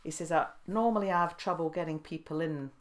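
A woman's voice: low-pitched, fast talker. A middle-aged woman telling stories in a casual interview, laughing often and acting out the voices of people she quotes. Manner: lively storyteller who laughs often and acts out quoted speech. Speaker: guest.

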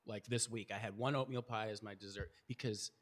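A man's voice: lowish voice, fairly even intonation, a little fast. A man in his thirties hosting a casual podcast chat, swearing freely and laughing often. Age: 30s. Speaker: podcast host.

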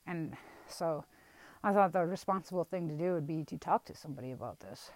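A young woman from Wisconsin talks candidly about her past in a rambling, halting way, with frequent restarts and blunt swearing. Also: low-pitched, darkish tone, poor audio. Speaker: vlogger telling a personal story. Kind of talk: candid personal storytelling.

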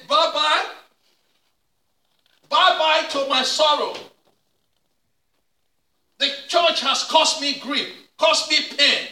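A male pastor preaching a sermon with repeated call-and-response questions, sometimes rising to a shout. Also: very high voice. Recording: echoey room, mic at a distance.

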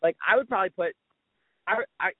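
A man co-hosting a sports podcast in casual chat, talking in an excitable, exasperated way and swearing often. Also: high-pitched, quick pace, breathy edge, no room sound. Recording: tinny phone-like dry sound.

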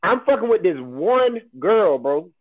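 A man's voice: sits high, measured pace. A man telling a long story in casual podcast chat, swearing freely and quoting what others said. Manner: animated, swears often, quotes others in his story. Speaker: podcast guest. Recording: tinny phone-like sound.

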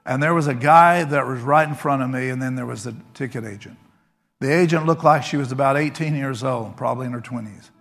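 Middle-aged guy preaching, kinda gravelly voice, chatty stories then fired-up prayer, quiet music behind. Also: medium pitch. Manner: conversational storytelling that rises into fervent prayer. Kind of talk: sermon with storytelling and prayer.

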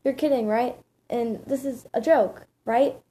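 Woman reading a shocked mother, disbelieving, mellow tone, storybook reading. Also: fairly high pitch, a little slow, voice pushed up, lightly acted. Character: shocked, anxious middle-aged mother.

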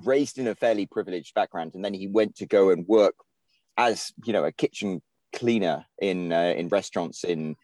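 British guest writer, low mellow voice, rambling casual storyteller. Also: male voice, normal speed, no echo. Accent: British English. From England. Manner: rambling, many fillers and restarts. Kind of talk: casual podcast chat.

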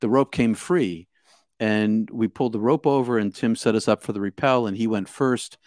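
A man telling a personal story out loud, in a halting way with many repeated starts. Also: lowish voice, dry recording, clean studio sound. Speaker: guest telling his story. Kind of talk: casual spoken storytelling.

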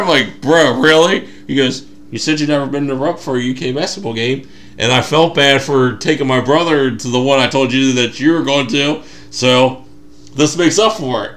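A man's voice: medium pitch, normal speed. A young man co-hosting a podcast, telling a story with lots of acted-out quotes. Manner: animated storyteller, acts out quotes. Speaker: podcast co-host. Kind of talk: casual chat.

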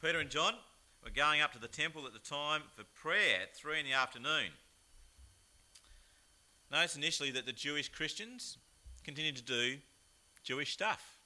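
A man with an Australian accent, preaching a chatty, animated sermon with plenty of rhetorical asides. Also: on the high side, moderate pace, long pauses. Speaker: pastor. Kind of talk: lively sermon.

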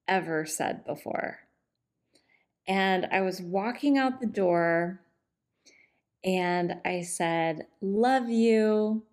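A middle-aged woman hosting a podcast, talking off the cuff in a relaxed, chatty way, with many fillers, into a microphone. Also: medium pitch. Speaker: podcast host and divorce coach.

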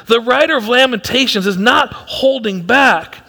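A male pastor delivers a sermon, pushing hard on some phrases and dropping to a hush on others. His voice sits high and bright. A long reverb trails after him in the church hall. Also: normal speed, gravelly, hardly any pauses. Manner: emphatic, swinging from loud to hushed.

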